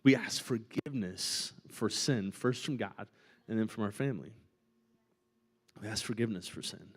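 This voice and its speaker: A man preaching as a pastor, in a conversational and animated style, often checking in with "right?". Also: on the low side, normal speed, husky. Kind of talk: sermon. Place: church auditorium.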